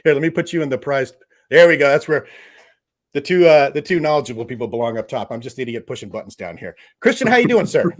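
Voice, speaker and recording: Joking male streamer host, lively pitch. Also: quick pace. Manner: loud, joking, laughs often. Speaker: livestream host. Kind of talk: casual live stream chat.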